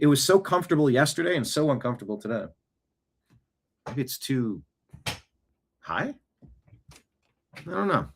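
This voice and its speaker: Seated in a home studio, a male show host delivers casual, rambling political commentary, reacting to clips and tossing in conversational asides. His mid-range voice sounds bright, with a forceful tone.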